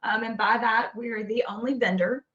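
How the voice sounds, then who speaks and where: Woman, homesteader guest, higher voice, upbeat, wry, laughing. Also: steady tone, moderate pace, fairly bright tone, lo-fi sound. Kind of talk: casual storytelling.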